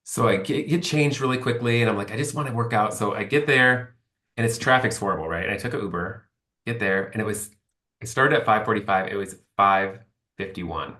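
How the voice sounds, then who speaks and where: A man's voice: lowish voice, a little fast, sharp tone, roomy sound. A man talking as a podcast guest, candid and rambling, acting out bits of remembered speech. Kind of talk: casual conversation.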